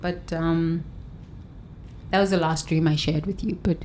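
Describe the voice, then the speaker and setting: A woman hosting a guided breathing session and self-help talk, counting breaths slowly and soothingly, with loud sighs. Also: low-pitched, steady tone, a little hiss or hum. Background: faint instrumental music.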